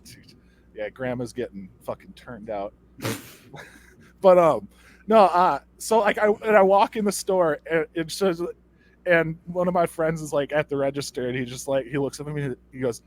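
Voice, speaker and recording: A young man tells a rambling, stammering story on a comedy podcast, acting out each customer in turn. His voice sits high for a man. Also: normal speed. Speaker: podcast co-host.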